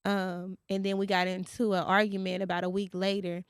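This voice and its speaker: A woman's voice: mid-range voice, flat delivery, brisk, clean tone, no room sound, clean studio sound. A young woman hosting a podcast, talking candidly and profanely in casual chat, with a lot of emotional storytelling. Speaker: podcast host.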